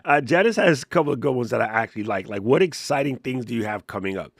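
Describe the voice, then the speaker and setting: A podcast co-host from Hawaii tells casual stories on a live show, animatedly acting out the voices of the people in them. His voice is mid-range, fast and creaky, captured with clean studio sound and no room echo.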